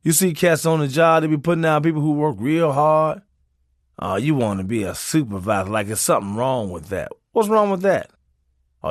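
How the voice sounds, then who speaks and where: A man narrating a comic memoir in a profane, preachy way, swinging his pitch for emphasis. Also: no room sound, studio quality.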